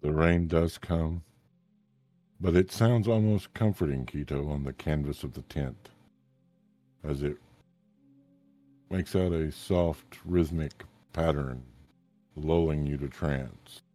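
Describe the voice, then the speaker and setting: A man narrating a tabletop game as game master, describing the scene slowly. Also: a bass voice, warm tone, dry recording, faint music behind.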